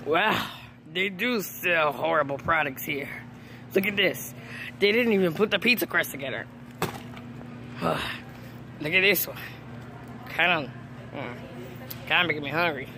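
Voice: mid-range voice, animated, a little slow, long pauses, background noise. A speaker improvising a playful toy story, jumping between silly character voices. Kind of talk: improvised toy play voicing.

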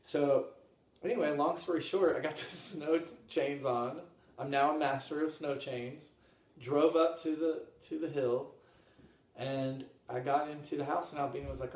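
A man telling a rambling personal story in a casual way, laughing often and dropping to a murmur at calm moments. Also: on the high side, moderate pace. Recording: roomy, from a distance.

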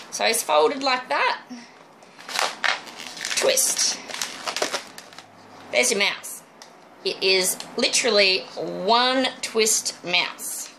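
A middle-aged woman gives a casual balloon-twisting tutorial, chatting through each step in a friendly way. Her voice is mid-range and creaky, and the background is noisy.

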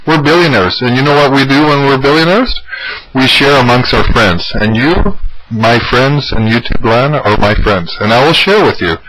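A man's voice: medium pitch, normal speed, a bit bright. A man hosting a mock news commentary, joking and mock-solemn, laughing often. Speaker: comedy host. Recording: noisy home recording.

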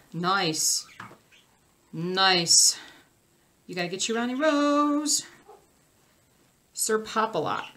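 Young woman chatting away on a stitching vlog, fairly low voice, rambly, lots of ums. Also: a bit bright. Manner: chatty, rambling, answers viewer comments with fillers. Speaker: cross stitch vlogger. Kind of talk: casual livestream chat reading comments.

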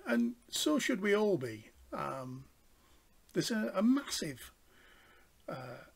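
Man, from Britain, folk night host, rambling, hesitant, slow, slightly high voice. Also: gravelly. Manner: rambling, hesitant, many fillers. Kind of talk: relaxed introduction. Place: home, over a video stream.

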